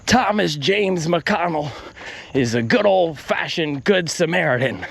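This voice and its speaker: A man's voice: a little high, lively intonation, unhurried, vocal fry, slightly rough, heavily acted. A man doing an impression of an earnest, folksy female basketball TV commentator who gushes and keeps addressing her broadcast partner by name. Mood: gushing.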